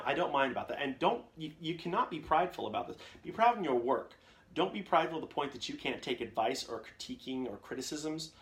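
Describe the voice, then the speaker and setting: A man hosting a live Q&A, giving casual advice in a plain, everyday voice that he calls nerdy. He rambles candidly and often restarts his sentences. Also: medium pitch.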